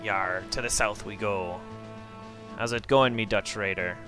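A man's voice: fairly low pitch, unhurried, music in the background, close to an everyday voice. A man voicing a boastful, crude male pirate captain with brash, bawdy pirate talk.

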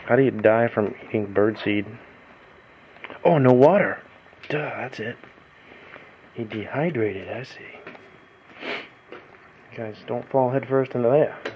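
A man's voice: mid-range voice, slow, long pauses, muffled recording, noisy background. A man filming his pets at home and in the yard, talking to them in a playful, teasing, sing-song way through the camera's own mic. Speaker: pet owner filming his animals. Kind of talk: casual talk to pets behind the camera. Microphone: handheld camera mic.

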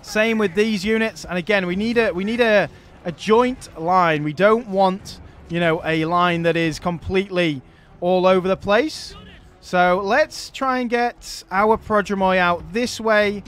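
A man's voice: sits high, measured pace, a bit bright. A man giving let's play commentary on a strategy game, barking orders at his units and swearing when frustrated. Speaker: gaming channel host.

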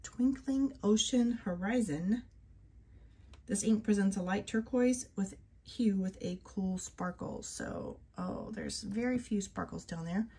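A woman chatting casually as she swatches fountain pen inks. She is soft-spoken, and her voice drifts into whispers now and then. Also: mid-range voice, measured pace, creaky, hardly any pauses, slightly rough. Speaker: ink reviewer. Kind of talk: casual chat while swatching ink.

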